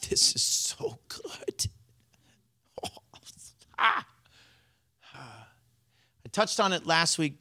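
In a medium-pitched voice, a pastor preaches a sermon with playful energy, frequently laughing as he unpacks scripture.

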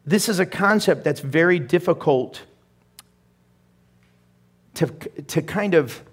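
Higher-voiced man preaching conversationally. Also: animated, slow, breathy edge. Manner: conversational, laughing asides, growing more emphatic. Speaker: pastor. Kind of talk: sermon.

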